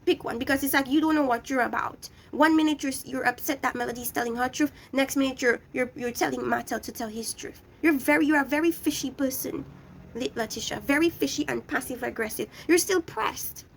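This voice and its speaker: A woman's voice: high-pitched, a little fast, vocal fry, a little hiss or hum. A young woman recapping a reality show in a blunt, scolding rant, talking straight at the people she criticizes. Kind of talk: ranting show review.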